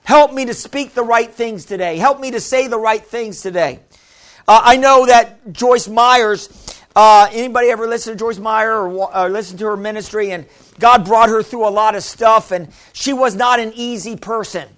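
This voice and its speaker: A man preaching a sermon to a congregation, lively and humorous, laughing often and calling out "Amen?" to the room. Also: high voice, moderate pace. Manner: laughs often, restarts phrases.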